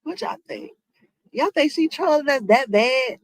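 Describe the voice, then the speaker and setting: Chatting directly with her viewers, this woman streamer gives a casual reaction to celebrity news, using rhetorical questions and African American Vernacular English phrasing. Her voice is high and animated, a little slow, and the recording is dry and rough.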